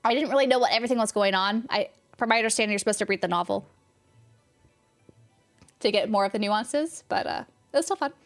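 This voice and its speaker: A young Californian woman with a light accent chats casually on a game stream, answering chat in a rambling way and laughing often. Her voice sits in the mid-range, she talks fast with frequent pauses, and faint music plays in the background.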